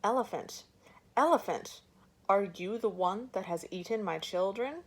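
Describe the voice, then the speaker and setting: A woman's voice: medium pitch, steady tone, unhurried. A woman doing a desperate searching mother. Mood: furious shouting. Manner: pleading, then fierce and shouting. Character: desperate tired mother searching for her children.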